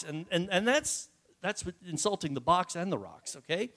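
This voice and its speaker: A man's voice: high voice, sing-song, moderate pace, fairly bright tone. A man preaching a sermon to his congregation in a folksy, joking way, often asking them questions. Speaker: pastor. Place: church before a congregation.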